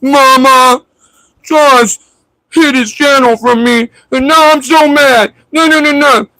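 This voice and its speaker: A man's voice: extremely high pitch, steady tone, takes it slowly, bright, forceful tone, no echo, voice pushed up, heavily acted, rough recording. A man voicing a whiny young male troll viewer who complains petulantly. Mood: whining.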